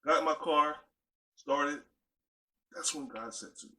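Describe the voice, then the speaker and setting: Male motivational speaker, fairly high and bright, emphatic with lots of repetition. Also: a little slow. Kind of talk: motivational talk.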